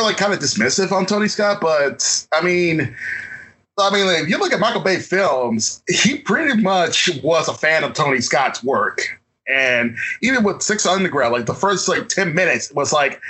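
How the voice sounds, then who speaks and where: Husky bright-voiced man, rambling chat. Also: on the high side, poor audio. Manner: rambling, heavy on fillers and restarts. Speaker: podcast co-host. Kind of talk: casual chat.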